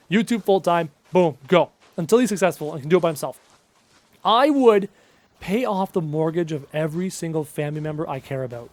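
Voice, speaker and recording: A man's voice: high voice, a little mellow. A man live streaming a game, chattily reading viewer questions aloud and answering them, humming little tunes to himself in between. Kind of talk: casual live stream Q&A while playing.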